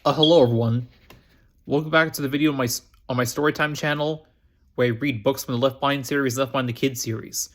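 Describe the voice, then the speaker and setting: A man reading a novel aloud for his storytime channel, halting with frequent restarts and repeated phrases. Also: medium pitch, steady tone, a bit bright. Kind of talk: amateur book reading.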